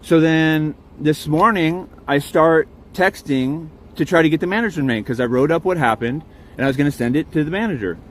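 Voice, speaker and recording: A man's voice: fairly high pitch, normal speed, slight background noise. A man filming on his phone from inside his truck, recounting a dispute in a heated, profane and rambling way, then arguing with officers. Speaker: campground guest filming a confrontation. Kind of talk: agitated first-person recounting and confrontation. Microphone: phone camera.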